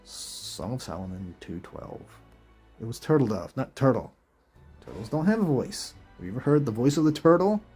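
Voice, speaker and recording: A man's voice: medium pitch, expressive, moderate pace, a little mellow, husky, soft background music. A man hosting a video, reading verses aloud and reacting with incredulous, chuckling rhetorical questions in casual commentary. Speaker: video host.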